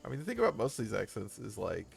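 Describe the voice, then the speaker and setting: A man streaming a game, talking in halting bursts while he plays. His low voice is heavily gravelly with strong fry, and his pitch swings widely as he speaks. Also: huge pitch swings, faint music behind. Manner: halting, thinking aloud as he plays. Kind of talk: casual chat while gaming.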